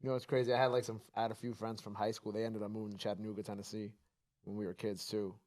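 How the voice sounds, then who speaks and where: Relaxed New man hosting. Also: lowish voice, very fast. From New York. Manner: relaxed, joking, laughs easily. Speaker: host. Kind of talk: casual interview chat.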